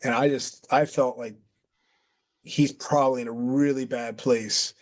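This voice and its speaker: A middle-aged former wrestler recounting an old story to an interviewer in a relaxed, conversational voice. He acts out the quoted dialogue with lively jumps in pitch. His speech is loose and peppered with fillers. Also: unhurried. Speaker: retired pro wrestler guest. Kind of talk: casual storytelling.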